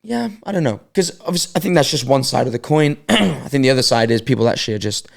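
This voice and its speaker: A man's voice: mid-range voice, lively intonation, fast, vocal fry. A man co-hosting a podcast, talking casually and thinking aloud with hesitant restarts. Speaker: podcast co-host. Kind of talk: casual reflective chat.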